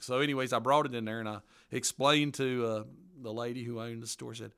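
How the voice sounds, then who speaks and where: A man's voice: medium pitch, steady tone, fairly quick, few pauses, a bit bright, smooth. Folksy man telling stories. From western North Carolina mountains. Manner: folksy, rambling, laughs at his own stories. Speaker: local history author interviewed as guest. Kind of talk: casual storytelling interview.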